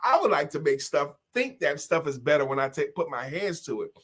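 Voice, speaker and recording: A middle-aged man hosts a live talk show with a voice that sits on the high side. He talks in an animated way, sings little jingles and reads viewer comments aloud. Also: fairly quick, husky. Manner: animated, sing-song jingles, bursts into shouts. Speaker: host.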